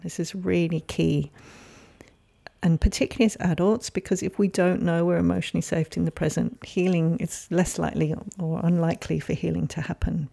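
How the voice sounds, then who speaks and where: Soft spoken woman doing a reflective solo podcast, warm low tone, kinda gravelly. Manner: gentle, soft-spoken, caring. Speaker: podcast host.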